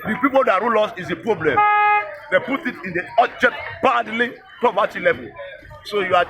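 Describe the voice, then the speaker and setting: A man's voice: high-pitched, brisk, over music. A man with a Nigerian accent speaking in an impassioned interview, repeating words and exhorting like a preacher. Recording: noisy crowd around the voice. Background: crowd noise.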